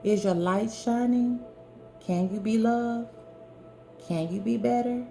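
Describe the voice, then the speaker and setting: A woman's voice: fairly high pitch, takes it slowly, creaky, mellow, soft background music. A woman giving an earnest, preachy talk straight to the viewer, hammering her points home with repeated emphatic phrases. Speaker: spiritual wellness speaker. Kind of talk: direct-to-camera talk.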